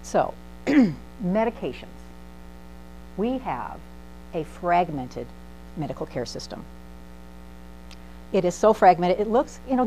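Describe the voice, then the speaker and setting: Lively, animated woman speaker. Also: medium pitch, poor audio. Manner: animated, acts out voices in anecdotes. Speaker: pharmacist speaker. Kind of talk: humorous public talk. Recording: faint mains hum.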